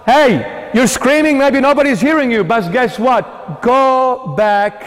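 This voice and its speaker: A bishop delivering an impassioned sermon in a church, emphatic and swinging between loud and hushed. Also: male voice, very high-pitched, slow pace. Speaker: bishop preaching. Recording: long hall reverb.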